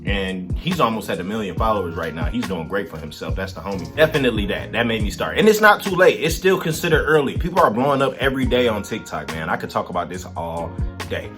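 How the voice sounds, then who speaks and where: Give me a relaxed, chatty man answering fan questions over background music. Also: fairly low pitch, quick pace. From Detroit, Michigan, USA. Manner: laid-back, slangy, chatty with viewers. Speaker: musician and content creator. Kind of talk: casual Q&A vlog.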